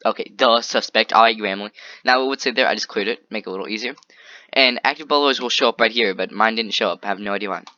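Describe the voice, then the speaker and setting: A young man recording a casual software tutorial, talking offhand and rambling, with frequent interjections. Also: on the low side, fast, dry recording, lo-fi sound. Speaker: tutorial maker.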